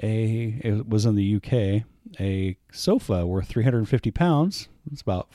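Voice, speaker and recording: A married man co-hosting a podcast, speaking in a low, mellow voice. He teases his co-host in a dry way and swears now and then. The sound is dry and close. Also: unhurried, dry recording. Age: adult, married ten years. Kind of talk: casual chat.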